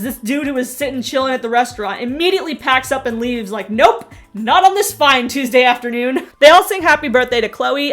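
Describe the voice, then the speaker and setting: A young woman doing sarcastic TV recap commentary, snarky and quick to laugh at her own jokes. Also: high-pitched. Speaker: recap vlogger.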